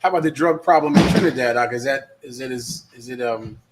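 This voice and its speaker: A man's voice: medium pitch, brisk, heavy background noise. A man talking conversationally as a panel guest and asking questions. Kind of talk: casual panel discussion.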